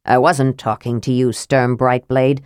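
A woman voicing a stubborn, gruff old male dwarf who grumbles testily. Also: rumbling low, level tone, measured pace, darkish tone, dry recording, studio quality, voice pushed down. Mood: testy.

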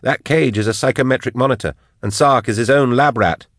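A man's voice: mid-range voice, fairly quick, fairly bright tone, no echo, studio quality, voice pushed up. A man voicing a cold, matter-of-fact female investigator with a withering tone. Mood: cool.

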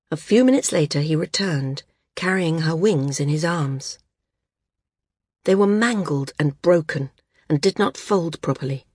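A woman narrating an audiobook in an even, unhurried reading. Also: sits low, breathy edge, dry recording, studio quality. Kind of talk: scripted narration.

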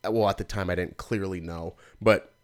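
A man in casual chat, slowly retelling a memory step by step and quoting his own thoughts. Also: deep voice, fairly even intonation.

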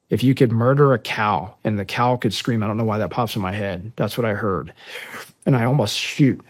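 A man telling a story as a podcast guest, animated and profane, acting out the dialogue. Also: on the low side, no echo, studio quality. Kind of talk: storytelling in a conversation.

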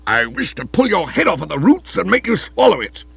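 A man voicing a huge, furious young man who growls hoarse threats, in a dull lo-fi recording. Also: on the high side, huge pitch swings, a little slow, no echo, pitched above the performer's own voice, full character voice. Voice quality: hoarse, gravelly.

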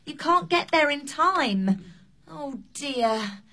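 A fussing hotel receptionist. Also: female voice, sits high, animated, bright, forceful tone, a little hiss or hum, exaggerated voice. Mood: flustered. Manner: speaks slowly and clearly to be understood. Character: flustered female hotel receptionist. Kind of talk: scripted learning drama.

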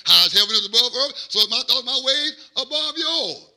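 A pastor preaches, climbing from low murmurs to ringing shouts and stretching key words out slowly. His voice is high for a man and sits bright and forceful on top. A gravelly fry runs underneath it. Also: animated. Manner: preaching with swings from quiet to shouting, drawn-out emphasis; call-and-response, repeats phrases. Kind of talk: sermon.

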